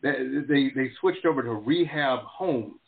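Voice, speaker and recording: A man hosting an interview show, chatting casually and reacting with quick agreement. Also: mid-range voice, expressive, a crowd in the background. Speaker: show host. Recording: tinny phone-line sound.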